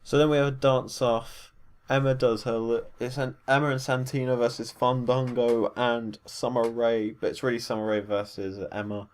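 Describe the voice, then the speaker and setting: A man's voice: medium pitch, little pitch movement, moderate pace, clear, resonant tone. Rambling man recapping matches. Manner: rambling, filler-heavy, self-correcting. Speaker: wrestling show reviewer. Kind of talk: casual recap commentary.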